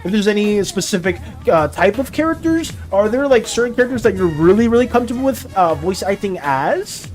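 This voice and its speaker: A lively streamer chats as the game master, with pitch that jumps around a lot and an easy, rambling flow. The talk keeps breaking into laughter. Faint music plays behind the voice. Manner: animated, rambling, quick to laugh. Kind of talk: casual live-stream chat.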